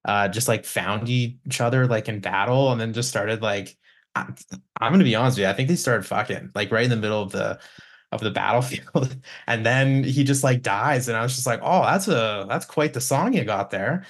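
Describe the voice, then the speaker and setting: A man's voice: on the low side, fairly quick. A man telling studio stories on a podcast, rambling with restarts and swearing. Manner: rambling, many restarts, swears, mimics clients. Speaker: guest, recording engineer. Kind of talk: casual podcast chat, storytelling.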